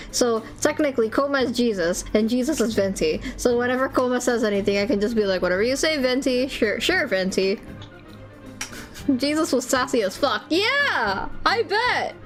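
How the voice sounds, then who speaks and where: A woman streamer chatting casually with her viewers, giggly and swearing freely. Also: on the high side. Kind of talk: casual livestream chat.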